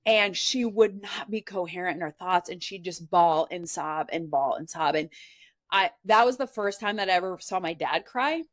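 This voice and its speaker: A woman's voice: fairly low pitch, moderate pace, no echo, clean studio sound. A woman from Nebraska, a podcast guest, tells a personal story in an earnest, candid way and often says "like" as a filler. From Nebraska, USA.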